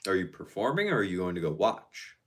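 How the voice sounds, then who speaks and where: Man, lowish voice, live-stream host, reads chat aloud, relaxed and slangy. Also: fast talker. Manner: reads viewer comments aloud and answers them; laid-back, slangy.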